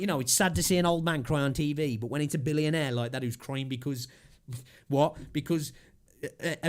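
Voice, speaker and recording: A young man ranting casually on a livestream, swearing constantly and rambling with fillers, with a slightly sore throat. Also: on the high side. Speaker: streamer.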